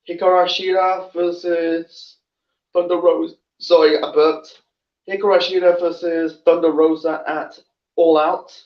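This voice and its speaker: A man hosting a casual awards rundown. He rambles, corrects himself often and fills gaps with "you know" and "um". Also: sits high. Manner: rambling, self-correcting, many fillers. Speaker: host. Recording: roomy, distant, dull lo-fi sound.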